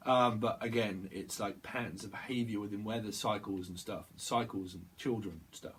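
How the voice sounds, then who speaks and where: A man's voice: lowish voice, brisk, a bit bright, a little hiss or hum. A man giving a rambling tarot reading, talking to himself, repeating words and breaking off mid-thought. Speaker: tarot reader.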